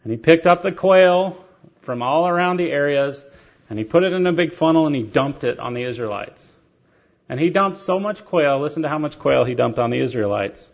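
Gravelly preacher man, lo-fi recording. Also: fairly high pitch. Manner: animated storytelling with rhetorical questions and light laughs. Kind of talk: sermon. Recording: dull lo-fi sermon recording.

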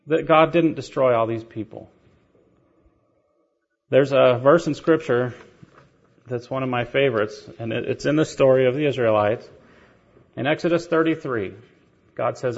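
A man's voice: mid-range voice, animated, moderate pace, gravelly. A man preaching a sermon, telling stories with rhetorical questions and light laughter. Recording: dull lo-fi sermon recording.

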